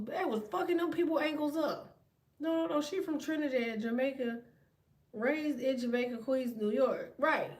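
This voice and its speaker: Speaking to her viewers from far off the mic, a high-voiced tarot reader and vlogger in her thirties delivers a casual, profane rant. Stories and jabs tumble out bluntly, thick with curses, in a lively storytelling rush.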